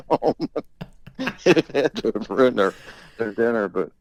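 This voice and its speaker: A man's voice: medium pitch, lively intonation, measured pace, low-quality recording. An older man, the host's father, telling rambling stories in casual conversation, laughing often and swearing freely. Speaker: interviewee, father of the host. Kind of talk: casual storytelling.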